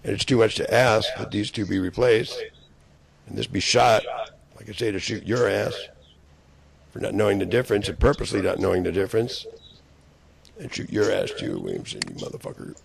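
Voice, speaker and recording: A man delivering a rambling, profane solo rant, hurling accusations with broken restarts and bursts of shouting. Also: lowish voice, moderate pace, vocal fry, long pauses.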